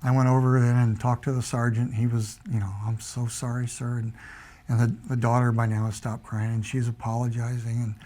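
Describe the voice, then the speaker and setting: A man's voice: mid-range voice, brisk. An older American man, a retired Air Force veteran, telling his stories in an oral history interview and acting out the dialogue he quotes. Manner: relaxed anecdotal storytelling, acts out quoted dialogue.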